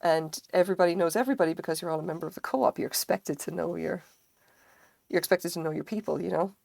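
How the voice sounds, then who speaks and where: Gravelly, low-voiced woman chatting with viewers. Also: steady tone, quick pace, darkish tone, dry recording. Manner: rambling, swears freely, chatty. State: recovering from illness, sense of taste dulled. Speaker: craft streamer. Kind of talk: casual chat with live viewers.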